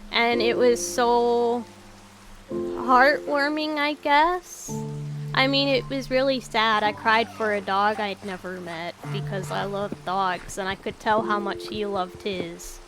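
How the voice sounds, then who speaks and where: A woman's voice: steady tone, slow, music in the background. Woman with a raw, tired voice. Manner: rambling, low-key, swears casually, trails off. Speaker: gaming YouTuber. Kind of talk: casual rambling commentary over gameplay.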